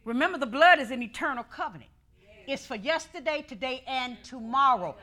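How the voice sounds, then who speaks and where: Fervent woman preacher leading call-and-response, bright edgy tone, drops to a hush then shouts. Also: high voice, expressive, fairly quick. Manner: fervent, rhythmic, repeats phrases, swings from hushed to shouting.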